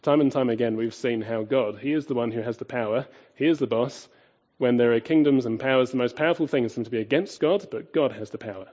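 A man preaching a sermon, emphatic, asking rhetorical questions and swinging between loud and quiet. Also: medium pitch, quick pace, hardly any pauses, muffled recording.

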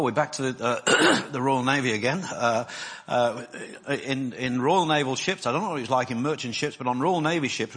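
A man preaching a sermon in a rambling, self-deprecating way, husky, with frequent restarts. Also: mid-range voice, fairly bright tone.

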